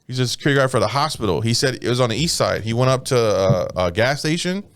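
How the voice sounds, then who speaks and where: A man's voice: mid-range voice, fast, smooth, dry recording. Profane storytelling man, dry mic. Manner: profane, animated retelling with voiced quotes. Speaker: podcast co-host. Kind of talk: casual storytelling chat.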